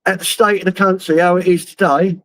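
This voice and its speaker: Speaking a little fast in a high-pitched, flat voice, a middle-aged man with a London accent live-streams from his phone while driving. He rambles, swears heavily and laughs at his own stories. The audio is poor, with no room sound.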